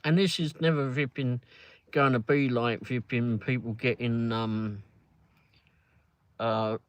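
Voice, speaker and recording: Brief: London man, casual car chat, rambles and curses, mid pitch, very dry sound. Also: fairly even intonation, slow pace, clean tone, no echo. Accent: London English. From England. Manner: rambling, swears freely, frequent fillers and restarts. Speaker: co-host of a live ride-along stream.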